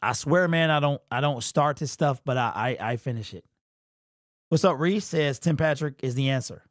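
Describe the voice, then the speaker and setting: This livestream host is a young man who rambles, restarts and leans on slang, sounding emotional and sniffly throughout. He speaks at a moderate pace in a mid-range voice, captured with no echo at studio quality.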